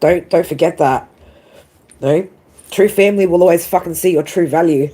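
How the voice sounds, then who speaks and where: Tearful woman reader, lowish voice. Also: moderate pace, mellow, breathy edge. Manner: emotional, swearing, keeps adding "right?" and "man". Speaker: tarot reader. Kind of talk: live-stream chat.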